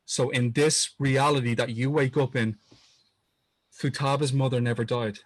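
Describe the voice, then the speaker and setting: A man's voice: mid-range voice, fairly even intonation, moderate pace, no room sound. A man co-hosting a podcast, earnestly retelling a story in casual chat, often restarting his sentences. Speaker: podcast co-host.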